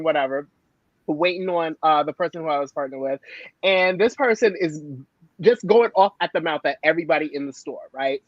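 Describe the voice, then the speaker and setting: A woman on a video call telling a story in a sassy, animated way, laughing often. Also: lowish voice, no echo, muffled recording. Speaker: panelist. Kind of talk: casual storytelling.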